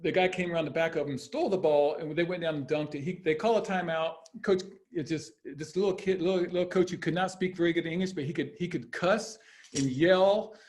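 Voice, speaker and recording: Man telling rambling stories, slightly high voice. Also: brisk, a little mellow. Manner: rambling storyteller with frequent restarts and laughs. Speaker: guest, former basketball player. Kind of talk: casual storytelling interview.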